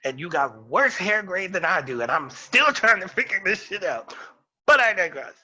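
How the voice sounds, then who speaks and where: A man's voice: high voice, sing-song, normal speed, sharp tone, husky, dull audio. A man co-hosting a casual podcast chat, ranting in a sassy, emphatic way. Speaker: podcast co-host.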